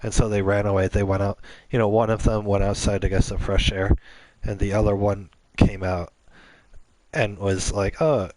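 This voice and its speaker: A man's voice: on the low side, flat delivery, moderate pace, a little mellow, poor audio. A man hosting a gaming channel, making up a long story on the spot, rambling with many restarts.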